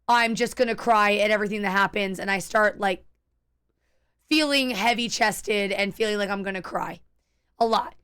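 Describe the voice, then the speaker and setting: A woman's voice: medium pitch, fairly bright tone, smooth. A young adult woman streaming a game, chatting candidly with viewers in a rambling way, restarting sentences and swearing freely. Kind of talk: casual chat while gaming.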